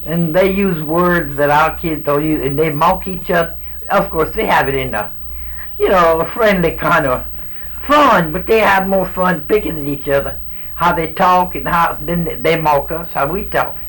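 Older Cajun man, higher voice. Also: normal speed, fairly bright tone, poor audio. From South Louisiana island. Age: 60s. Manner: rambling, folksy storytelling with restarts. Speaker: interviewee. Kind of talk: oral history interview.

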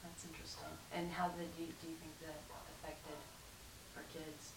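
A woman interviewer asks curious, probing follow-up questions in a casual tone. Her fairly low voice comes from off-mic in an echoey room. Clear room noise sits under her speech. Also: little pitch movement, moderate pace, far from the mic.

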